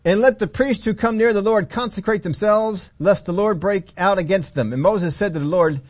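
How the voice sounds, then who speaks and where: High-voiced man preaching a folksy sermon. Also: normal speed, few pauses, a little mellow. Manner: folksy, humorous storytelling with voiced asides. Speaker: pastor.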